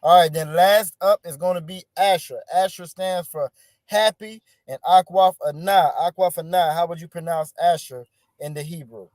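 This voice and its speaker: Guy running an online class on a video call, encouraging, says stuff twice, pretty high voice. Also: fairly even intonation, normal speed, darkish tone, no room sound, clean studio sound. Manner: encouraging, repeats words. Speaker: teacher.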